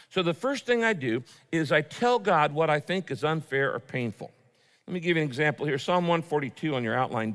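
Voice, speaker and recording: A man preaching a sermon, moving from loud pleading prayers to quiet, intimate asides to his listeners. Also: a little high, big-room sound. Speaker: pastor.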